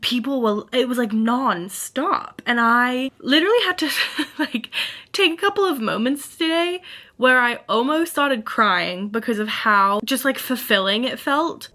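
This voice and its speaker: A woman's voice: fairly high pitch, expressive, unhurried, sharp tone. A young woman talking to the camera in a casual vlog at home, rambling, laughing and getting emotional, with lots of "like". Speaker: small business artist vlogger. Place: at home, indoors.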